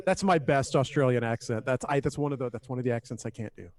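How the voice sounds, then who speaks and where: A man's voice: fairly high pitch, quick pace, few pauses. A man co-hosting a podcast in casual chat, rambling with frequent restarts and swearing. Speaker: podcast co-host.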